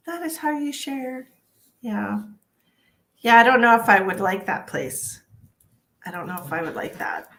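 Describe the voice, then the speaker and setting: A woman's voice: fairly low pitch, a bit bright. A woman hosting a casual psychic livestream from home, chatty and tired, greeting viewers by name and swearing freely. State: tired from early work hours. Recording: echoey room.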